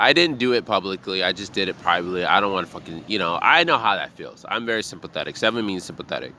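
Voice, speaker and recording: A man who works as a bartender, giving a blunt, profane, animated monologue about trusting your gut. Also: sits low, fast talker, hardly any pauses, a little hiss or hum. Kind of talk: casual motivational monologue.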